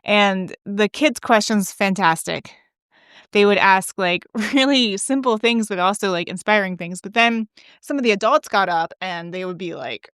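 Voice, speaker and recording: A woman's voice: mid-range voice, expressive, normal speed, fairly bright tone, clear, resonant tone, no room sound, studio quality. A woman podcast host telling a chatty, gossipy story, laughing often and filling her talk with likes. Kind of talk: casual storytelling monologue.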